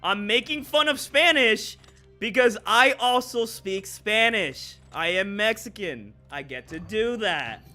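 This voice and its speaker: A man's voice: high voice, lively intonation, slow pace, bright, forceful tone, soft background music. A man streaming a video game, chatting casually and joking, laughing often and tossing in Spanish exclamations. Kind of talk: casual chat while gaming.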